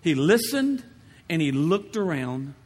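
A male pastor delivers a sermon in a fairly high voice, driving points home with repetition and rhetorical questions. His voice carries through a church with a long hall reverb. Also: very animated, slow, breathy edge.

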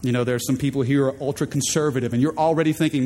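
A man's voice: medium pitch, level tone, rapid-fire, few pauses, warm tone, big-room sound. A man preaching a sermon as pastor, emphatic, prompting the congregation to repeat words back. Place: large church auditorium.

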